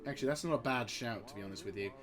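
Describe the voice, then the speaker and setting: A man casually commenting on a strategy game, rambling and excitable, swearing freely and chuckling at his own jokes. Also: medium pitch, very fast. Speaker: gaming channel host.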